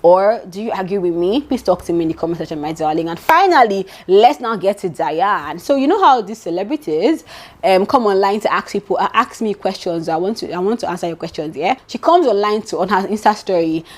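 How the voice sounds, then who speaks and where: A young adult woman with a Nigerian accent chats animatedly in a casual gossip vlog, addressing her viewers directly as "my darling". Her voice is medium-pitched and fairly quick.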